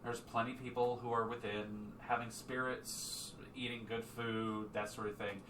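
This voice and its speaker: A man narrating a tabletop game as game master, relaxed with many fillers. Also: mid-range voice, moderate pace, background noise. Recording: echoey room, distant mic.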